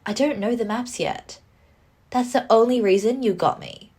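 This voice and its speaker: A woman's voice: fairly high pitch, normal speed, a little mellow, breathy edge, pitched above the performer's own voice. A woman voicing a cocky young man, a trash-talking gamer coworker, with smug, teasing banter. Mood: sulky.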